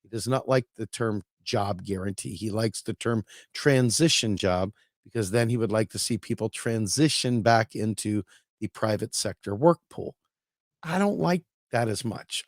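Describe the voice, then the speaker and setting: A man's voice: mid-range voice, no echo, clean studio sound. Blunt, profane male commentator. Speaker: political commentary host. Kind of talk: opinionated solo commentary.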